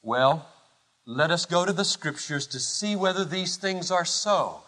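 A male pastor preaching a sermon, impassioned and rhetorical, swinging from loud declarations to hushed lines. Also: on the high side, expressive, a little slow.

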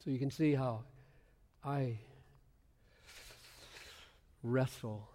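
A man preaching an expository sermon, swinging from hushed whispers to loud emphatic bursts. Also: medium pitch, fairly even intonation, extremely slow. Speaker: pastor. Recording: long hall reverb.

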